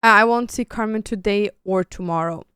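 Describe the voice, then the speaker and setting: A woman's voice: mid-range voice, moderate pace, pushed and bright, clear, resonant tone, dry recording, clean studio sound. A young woman streamer chatting casually while she works, with melodramatic, self-pitying complaints. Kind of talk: casual livestream chat while working.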